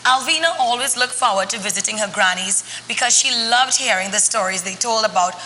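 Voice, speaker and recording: A woman's voice: medium pitch, a little fast, sharp tone, big-room sound, slight background noise, low-quality recording. Woman reading to children. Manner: teacherly, asks the children questions. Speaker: children's storyteller. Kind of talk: reading a picture book to children.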